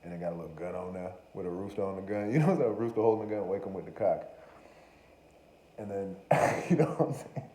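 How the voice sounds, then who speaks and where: Low-voiced man rambling profanely. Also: fast, dark tone. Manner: profane, joking, self-interrupting. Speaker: podcast host. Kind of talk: rambling comedic monologue. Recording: roomy echo with faint room noise.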